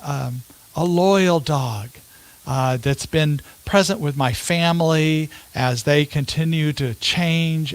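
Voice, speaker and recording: Brief: man doing a faithful family dog, earnest and halting, fairly high voice. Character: loyal, beloved male family dog.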